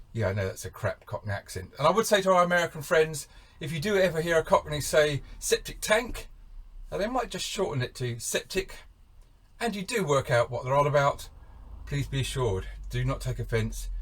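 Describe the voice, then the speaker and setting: A man's voice: fairly high pitch, a bit bright. A man with an English accent who hosts a van channel, delivering a wry, digressive, rambling monologue with a mock-pompous air. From England.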